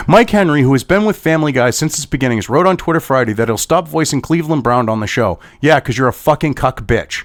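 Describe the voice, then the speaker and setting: A man's voice: medium pitch, lively intonation, fairly quick. A man delivering an angry, profane commentary rant, exasperated and swearing constantly. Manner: swearing heavily, exasperated, sighing. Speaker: commentary host.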